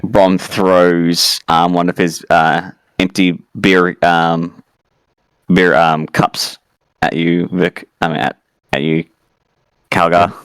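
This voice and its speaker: Brief: male game master, very deep and smooth, hesitant narration with fillers, dry close sound. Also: flat delivery, slow, fairly bright tone, no room sound.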